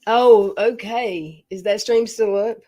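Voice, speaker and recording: A woman streamer in casual chat, relaxed and asking short questions. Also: mid-range voice, slow pace, dry recording. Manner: relaxed, asks short questions, laughs along.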